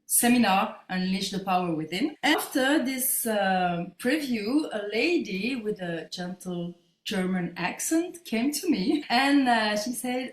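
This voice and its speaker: A woman in her fifties, a native French speaker with a French accent, telling her story as an interview guest in halting English while she searches for words. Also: mid-range voice, lively intonation. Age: 50s. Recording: roomy echo.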